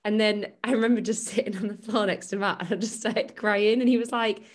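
A woman's voice: mid-range voice, fairly even intonation, fairly quick. A woman co-hosting a casual fitness chat, telling stories and laughing often. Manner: chatty storytelling, laughs often. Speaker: podcast co-host and fitness coach.

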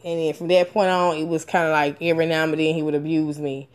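A woman's voice: quick pace, clean tone. A woman in her thirties telling a personal story candidly and frankly, swearing often, with many fillers and restarts. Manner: animated, with sudden rises in pitch and loudness. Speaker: storyteller sharing a personal experience.

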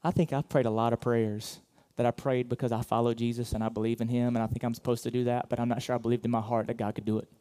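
A man preaching a sermon as pastor, talking conversationally with many fillers and restarts, swinging between loud emphatic bursts and quiet asides. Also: medium pitch, flat delivery, fast talker, few pauses. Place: church auditorium.

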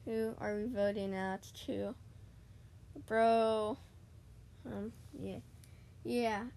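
A woman chatting casually while she plays a video game, excitable and talking straight to her listeners. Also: medium pitch, very slow, vocal fry. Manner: chatty and excitable, keeps addressing "guys". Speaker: gaming podcaster. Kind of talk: casual gaming commentary.

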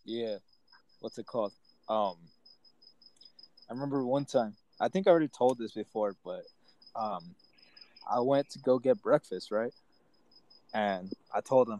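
A man's voice: fairly low pitch, moderate pace, pauses often, a little mellow, dry recording, rough recording. A young man casually telling a school story among friends, full of slang and swearing. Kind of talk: casual chat.

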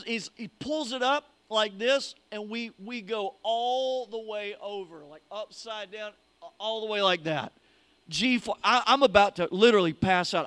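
A man, a pastor telling a story in an animated, folksy sermon. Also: sits high, no echo.

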